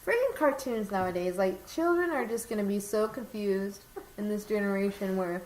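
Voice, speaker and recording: A woman's voice: mid-range voice, moderate pace, a little mellow. A young woman chatting casually with a friend, telling a rambling story with lots of animation. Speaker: vlogger. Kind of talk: casual chat. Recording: echoey room with faint noise.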